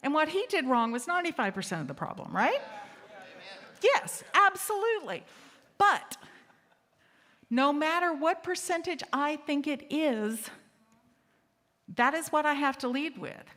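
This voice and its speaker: A woman's voice: sits high, lively intonation, a little slow, long pauses, a bit bright. A woman hosting an assembly, telling a candid, funny story to a live audience and asking them questions. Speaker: assembly host. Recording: reverberant hall.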